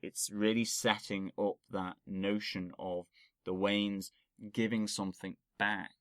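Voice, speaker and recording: Low-voiced man co-hosting a podcast. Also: flat delivery, slow pace, fairly bright tone, smooth, no echo. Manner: rambling, restarts phrases, laughs easily. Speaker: podcast co-host. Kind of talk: casual film review chat.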